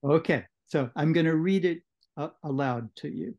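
A man leading a book club discussion, explaining a novel in a measured lecturing way, on muffled audio. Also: fairly high pitch, vocal fry, a little mellow. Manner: measured, explanatory, with occasional restarts. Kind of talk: literary lecture.

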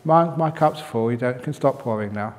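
A man voicing an arrogant male professor who loses his temper and shouts indignantly, heard in the long reverb of a meditation hall. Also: mid-range voice, moderate pace, natural voice. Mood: polite.

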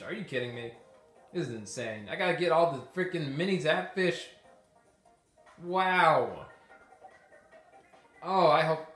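A man's voice: a little high, expressive, measured pace, long pauses, a bit bright. Exasperated man narrating his gameplay. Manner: exasperated, talks to himself while playing. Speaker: gameplay commentator. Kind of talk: casual let's-play commentary. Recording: echoey room with game music behind.

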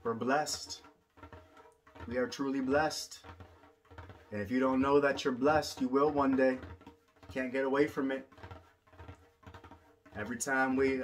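A man's voice: mid-range voice, little pitch movement, moderate pace, pauses often. A man teaching about the drum in a rhythmic spoken-word style, repeating lines like a chant. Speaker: poet and drummer. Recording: drum music playing throughout.

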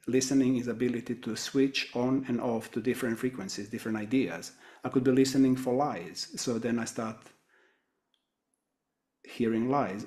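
Calm man teaching with rhetorical questions. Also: mid-range voice. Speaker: webinar teacher. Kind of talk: teaching webinar talk.

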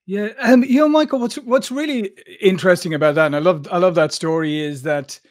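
A man's voice: high-pitched, a little fast. A man hosting an interview podcast, reflecting on his guest's story with engaged commentary. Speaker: podcast host. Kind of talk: interview conversation.

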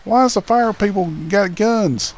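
A man's voice: sits high, measured pace, slight background noise. A man roleplaying in a video game, whining and indignant, repeating his complaints over and over. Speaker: roleplay streamer. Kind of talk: casual game roleplay banter.

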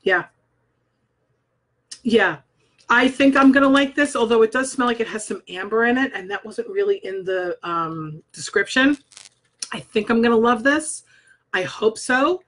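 A woman's voice: on the high side, a little slow, pauses often, fairly bright tone. A married woman, a scent consultant, chatting bluntly and swearing casually as she reads scent descriptions aloud in a vlog. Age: adult, married. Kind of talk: casual product review vlog. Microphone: own microphone.

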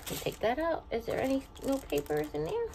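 A woman's voice: high-pitched, huge pitch swings, a little fast, background noise. A middle-aged woman chatting casually at home as she opens and reads fan mail, sentimental and talkative. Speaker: vlogger opening fan mail. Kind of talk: casual unboxing chat. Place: home, indoors.

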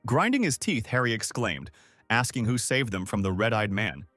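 Lively male recap narrator. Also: on the low side, normal speed, dry recording, faint music behind. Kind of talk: scripted narration.

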